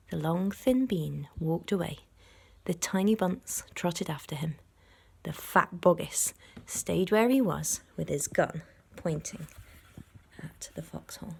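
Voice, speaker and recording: A woman, a primary school teacher, reading a storybook aloud to children in an expressive way, stopping to explain words. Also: on the low side, slow, vocal fry, breathy edge.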